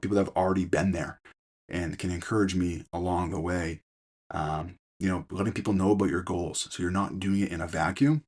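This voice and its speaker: A man with a low, deep voice talks through his coaching advice in an unscripted solo podcast. He sounds middle-aged and conversational, circling back with "you know" and false starts as he thinks aloud. The delivery is plain and earnest rather than polished. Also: fairly even intonation, brisk, darkish tone. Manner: conversational, many fillers and restarts. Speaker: fitness podcast host and coach. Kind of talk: casual solo podcast talk.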